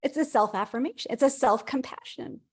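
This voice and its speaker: A woman guest in a video-call conversation, an enthusiastic and animated storyteller. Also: on the high side, fairly quick, husky. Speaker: guest conflict practitioner.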